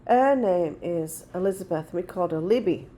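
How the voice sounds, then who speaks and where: Blunt and rambling, a woman in her forties tells stories in casual vlog chat with her viewers. Her lowish voice is warm, moves at a normal speed, and has lively intonation.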